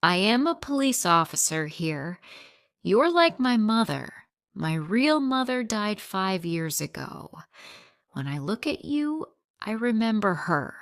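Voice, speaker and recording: A woman voicing a kind police officer in an audiobook story, speaking gently, slowly and plainly. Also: medium pitch, sing-song, dry recording. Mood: gentle. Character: kind middle-aged male police officer.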